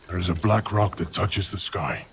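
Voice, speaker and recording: A man's voice: deep voice, normal speed, background noise, lightly acted. An actor playing a grave male orc warrior in a fantasy film, speaking solemnly.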